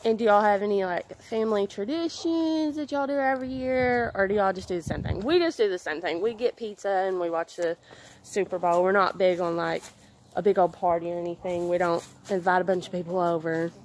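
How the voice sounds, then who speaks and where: A woman's voice: mid-range voice, a little fast, a little hiss or hum. A young woman chatting casually to her phone camera from her backyard, folksy, now and then turning to talk to her little daughter. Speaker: vlogger, mother. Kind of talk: casual vlog chat. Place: outdoors in a backyard.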